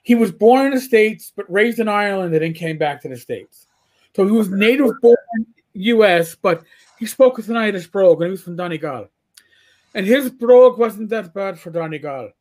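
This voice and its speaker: A man's voice: sits high, expressive, normal speed, a little mellow. A man from New York City in casual podcast chat, often stammering and repeating words as he starts sentences. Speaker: podcast panelist.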